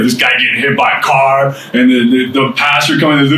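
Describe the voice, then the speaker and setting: A man's voice: mid-range voice, steady tone, brisk, few pauses, pushed and bright. Guy telling his testimony to a small group, laid back but earnest, sounds far from the mic in an echoey room with a faint hum. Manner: casual and conversational, peppered with "man" and "dude"; earnest and emotional, repeats key phrases for emphasis. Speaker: guest speaker sharing his testimony.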